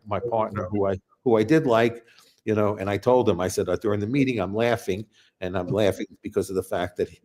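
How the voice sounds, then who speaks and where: A man hosting a casual political talk show, telling a long story in a rambling way with many restarts and blunt profanity. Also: on the low side. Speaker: show host.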